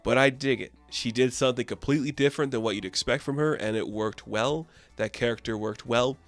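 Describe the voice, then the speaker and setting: A man's voice: mid-range voice, a little fast, soft background music. A man giving a casual spoken review of a TV season, chatty and earnest with lots of fillers.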